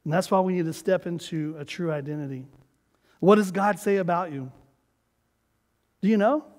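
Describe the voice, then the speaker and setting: A man with a high voice preaches in a church sanctuary, his words ringing out with a long reverb. He is emphatic and calls on the congregation to repeat after him. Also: a little mellow. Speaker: pastor. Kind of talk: sermon.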